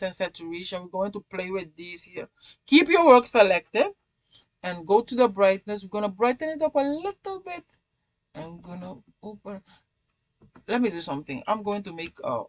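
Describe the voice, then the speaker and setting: A woman hosting a casual craft software tutorial who talks chattily, repeats herself and keeps checking in with the viewer. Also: medium pitch, no room sound.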